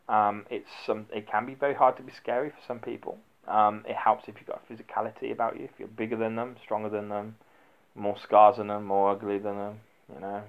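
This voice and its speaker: A man's voice: fairly low pitch, phone-quality sound. A middle-aged former doorman giving blunt, rambling advice in a casual vlog, full of fillers and restarts. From United Kingdom.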